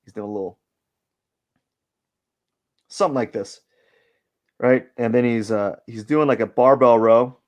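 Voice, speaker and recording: A man's voice: medium pitch, measured pace, pauses often. A man hosting a live drawing stream, giving casual commentary as he works and thinking aloud in a rambling way, with lots of fillers.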